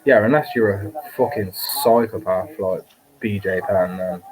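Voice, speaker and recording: A man's voice: sits low, a little slow, crowd noise. A man with a Scottish accent, co-hosting a casual chat while watching a live fight, swearing freely and rambling. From Scotland. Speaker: podcast co-host. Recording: noisy background hiss.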